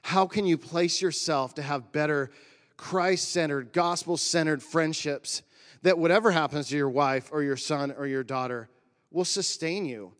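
A man preaching a sermon as a pastor, talking conversationally and telling animated stories. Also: on the high side, measured pace. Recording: long hall reverb.

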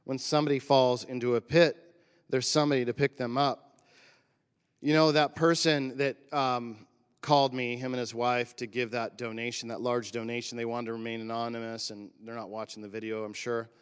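A Northern California man in his forties preaching from personal experience. His voice sits at an ordinary pitch, relaxed and conversational, with surfer slang and open emotion. The sound rings out in a church hall with long reverb. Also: moderate pace, clear, resonant tone. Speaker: pastor. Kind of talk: personal sermon story.

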